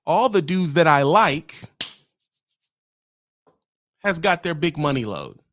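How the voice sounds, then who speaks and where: A man's voice: a little high, big pitch swings, slow, fairly bright tone, a little hiss or hum, heavily acted. A man voicing a smug, lazy male office dispatcher who talks down to drivers. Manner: condescending, self-satisfied.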